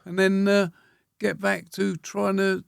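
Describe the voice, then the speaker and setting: A 100-year-old war veteran reminiscing as an interview guest, speaking plainly and slowly, with pauses and throat-clearing. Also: male voice, high voice, little pitch movement, no room sound, studio quality. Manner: plain-spoken, slow storytelling, frequent pauses and throat-clearing.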